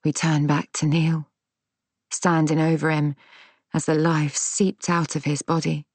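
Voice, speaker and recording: Low-voiced woman narrating an audiobook. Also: flat delivery, darkish tone, dry recording. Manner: measured, tense and dramatic. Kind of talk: first-person audiobook narration.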